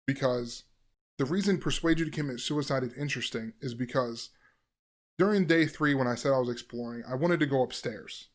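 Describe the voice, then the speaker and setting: A young man casually telling a personal scare story, profane and animated, with loud bursts and hushed asides. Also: mid-range voice, brisk.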